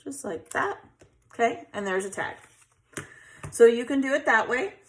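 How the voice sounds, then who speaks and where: A woman's voice: fairly high pitch, lively intonation, moderate pace. A chatty woman, hosting a casual crafting tutorial and often checking in with "okay?".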